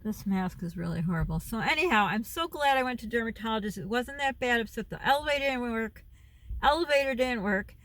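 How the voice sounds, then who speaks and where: A middle-aged mom and vlogger chats casually to her phone camera, rambling, losing her thread, veering off topic and laughing often. Her voice is fairly high, animated and fairly bright, and she talks briskly.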